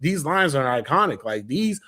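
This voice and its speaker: A young man talks casually and eagerly about a film he loves. His voice sits somewhat high for a man. He rambles with fillers and restarts in an easy, conversational way. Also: sing-song, moderate pace, pushed and bright. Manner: chatty and enthusiastic, many fillers and restarts. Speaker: movie reviewer. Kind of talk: casual spoken review.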